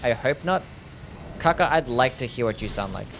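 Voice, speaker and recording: Gravelly man streaming a game. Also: mid-range voice, lively intonation, normal speed, a bit bright. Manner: swears freely, reacts to chat. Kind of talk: casual gameplay commentary. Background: game music.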